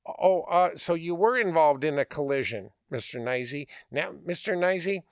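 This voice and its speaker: A man's voice: fairly high pitch, expressive, normal speed, clear, resonant tone, no echo, studio quality. A man voicing a stern, officious male police officer who speaks formally and keeps saying "sir".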